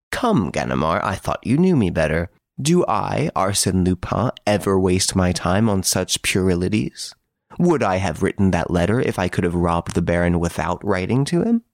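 A man reading an audiobook, voicing a suave, boastful gentleman thief who mocks his jailers from his prison cell. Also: low voice, no echo, studio quality. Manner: playful, teasing, boastful.

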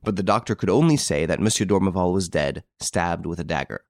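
A male audiobook narrator with a low voice and animated, expressive delivery. His reading moves through wide swings in pitch as he tells the story. The recording is dry, with no room sound. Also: a little fast, dry recording.

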